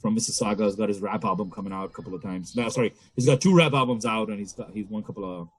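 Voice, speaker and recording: A young man from the Toronto area casually telling a story on a podcast, swearing, laughing, and jumping into high voices at the punchlines. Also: rapid-fire, noisy background. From Canada, Toronto area.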